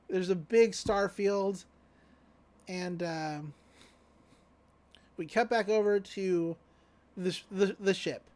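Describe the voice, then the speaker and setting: With a slightly mellow, medium-pitched voice, a podcast co-host chats through an anime episode in a laid-back recap. Fillers come often, and quotes get paraphrased offhandedly.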